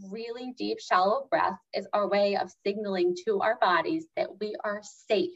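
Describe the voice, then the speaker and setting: A woman talking casually as a guest expert on calming anxiety, with many fillers and acted-out inner voices. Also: mid-range voice, normal speed, creaky. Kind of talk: casual interview talk. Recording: slightly dull lo-fi sound.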